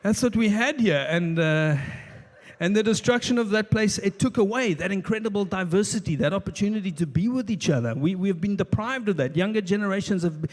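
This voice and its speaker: A man's voice: sits high, lively intonation, a little fast. A man with a South African accent doing a stand-up comedy routine. He tells rambling stories with lots of restarts and dry asides. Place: stage of a live show venue. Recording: echoey live venue.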